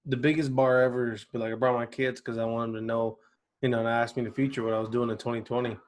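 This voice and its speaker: A man co-hosting a podcast, talking in a relaxed conversational way. His voice is mid-pitched, and he drives his points home with long, emphatic runs. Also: fast, a little hiss or hum. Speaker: podcast co-host. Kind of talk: casual podcast chat.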